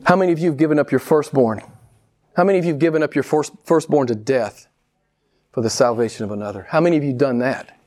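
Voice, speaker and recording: A man preaching a sermon with passion, firing rhetorical questions and swinging widely between slow, emphatic lines and quick ones. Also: darkish tone. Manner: impassioned preaching, rhetorical questions, big swings in pitch and pace. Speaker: pastor.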